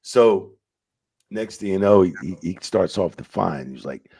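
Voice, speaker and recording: A man's voice: sits low, lively intonation, normal speed, a little mellow, husky, dry recording. A man in a casual interview who tells stories, swears freely and acts out quotes animatedly. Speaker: retired wrestling referee, guest.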